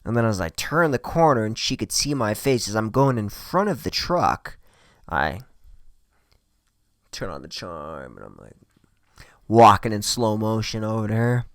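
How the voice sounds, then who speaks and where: A man spins a rowdy true story, his pitch leaping up and down as he acts out each person in it. He swears freely and talks loosely. The voice sits close and dry, with no room sound. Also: moderate pace, no room sound. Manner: profane, animated, acts out quoted voices. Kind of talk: casual storytelling.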